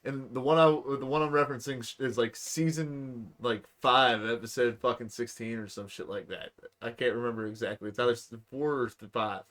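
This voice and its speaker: Profane, animated young man chatting. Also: medium pitch, fairly quick, hardly any pauses. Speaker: podcast co-host. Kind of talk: casual chat.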